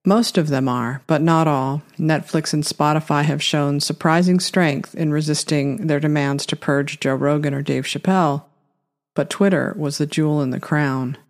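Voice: mid-range voice, steady tone, moderate pace, soft background music. A narrator delivering scripted political commentary in a sarcastic, mocking way.

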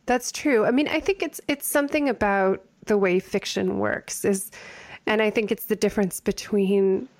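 A woman's voice: mid-range voice, moderate pace, a little mellow, no room sound. A woman hosting a conversational interview, reflecting thoughtfully on the writing process. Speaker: podcast host.

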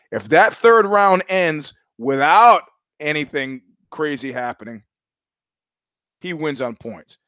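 A man hosting a podcast, talking in a casual monologue. He is an animated storyteller who acts out quoted voices, swears freely and often restarts his sentences. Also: medium pitch, dry recording, highs cut off. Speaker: podcast host.

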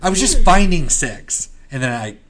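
Male podcast co-host, casual, lively pitch, bursts into a newsboy voice for headlines. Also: moderate pace, a crowd in the background. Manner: reads headlines in a loud old-time newsboy voice. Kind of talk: casual chat, reading old headlines.

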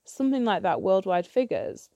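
Woman, solo podcast host, blunt swearing rant; warm tone, dry close recording. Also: mid-range voice, big pitch swings, normal speed, no echo, muffled recording. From United Kingdom. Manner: blunt, ranting, swears freely; repeats and restarts when heated.

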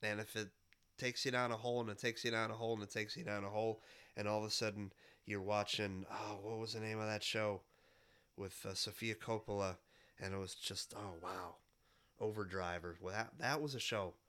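Podcast host, thirties, male, slightly low voice, head cold, halting nostalgic ramble. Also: steady tone, a bit bright, clear, resonant tone. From Midwestern United States. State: has a cold. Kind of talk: casual monologue.

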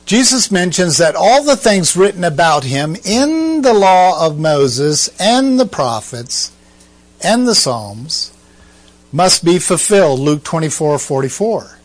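High-voiced, unhurried man teaching Scripture. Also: sing-song. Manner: rhetorical questions, asides to listeners. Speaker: Bible teacher. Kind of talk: conversational Bible teaching.

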